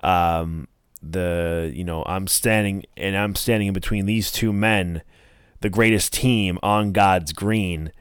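A man's voice: sits low, slow, smooth, no echo, clean studio sound. A young man casually reviewing wrestling as a podcast host, rambling with many fillers and acting out quotes.

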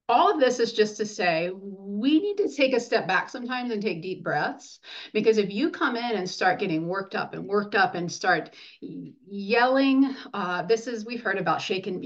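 A woman speaking as a nurse and lactation consultant in an interview, earnest and animated, acting out what parents say. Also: medium pitch, highs cut off. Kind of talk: conversational interview.

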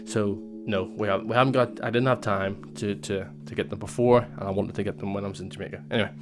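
A man's voice: fairly low pitch, fairly even intonation, fast talker, music in the background. A young man casually telling a personal story, rambling with lots of fillers and restarts. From Northern Ireland.

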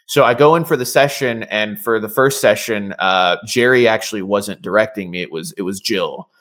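A man's voice: on the low side, moderate pace, fairly bright tone. A man, a voice actor, chatting casually as an interview guest with many fillers and restarts.

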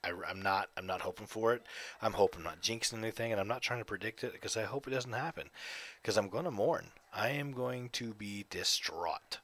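Low bright voiced dude ranting solo on his podcast, swearing a lot, right up on the mic. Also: fairly quick. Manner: profane, rambling rants. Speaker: podcast host. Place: home, evenings. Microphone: close desk mic.

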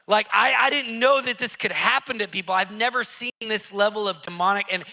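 A man telling a dramatic testimony in an animated, emphatic way, repeating lines for effect and using casual slang. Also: high voice, fairly quick, gravelly. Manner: emphatic, vivid storyteller who repeats for effect. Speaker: Christian activist telling a testimony.

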